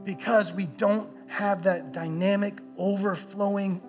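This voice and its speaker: Earnest male pastor preaching, higher-pitched voice, soft music bed behind. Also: fairly even intonation, unhurried. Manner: earnest, repeats words while building a point. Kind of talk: sermon.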